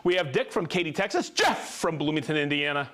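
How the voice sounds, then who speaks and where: A man hosting a live tool show in casual chat, upbeat and laughing often as he reads out viewer shout-outs. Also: on the high side, lively intonation, brisk.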